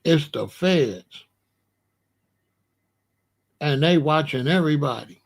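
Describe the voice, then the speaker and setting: On a casual live stream, the host of a live call-in show talks at a slow pace in a voice high for a man. He's animated, breaking into laughter between points and calling out viewers by name.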